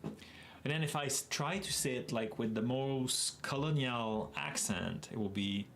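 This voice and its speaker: A man with a Québécois accent hosts a casual livestream and speaks at an unhurried pace, laughing often as he answers chat. His first language is French, and a faint hiss of noise sits behind his voice. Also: medium pitch, creaky, a bit bright. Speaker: livestream host.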